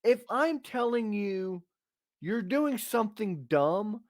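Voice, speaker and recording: A high-pitched, animated man takes his time co-hosting a podcast, ranting about tough love with blunt, profane emphasis. The recording is dry and studio-clean, the talk casual and opinionated.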